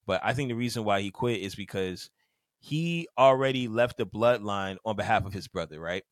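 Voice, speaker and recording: A man's voice: on the low side, animated, normal speed, no room sound. A man co-hosting a podcast in casual chat, laid-back, acting out quotes in slang. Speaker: podcast co-host.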